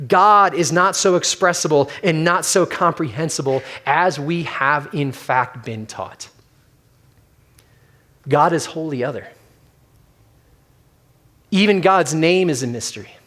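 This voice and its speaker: A man's voice: on the high side, a little slow, long pauses, bright, forceful tone. A middle-aged male pastor giving a conversational sermon, telling stories with acted-out quotes.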